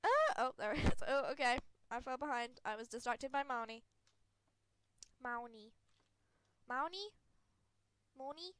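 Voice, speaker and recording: A woman's voice: high-pitched, a little fast, few pauses, a bit bright, slight background noise. A woman with a cold, congested and sniffly, giving giggly, rambling, self-deprecating commentary over a video game. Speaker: gaming video creator. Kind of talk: casual gameplay commentary.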